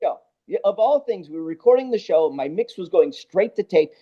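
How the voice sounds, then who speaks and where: A man, a guest sound engineer, telling stories in a casual interview, animated and acting out both sides of conversations. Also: high voice, a little fast. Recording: dull lo-fi podcast audio.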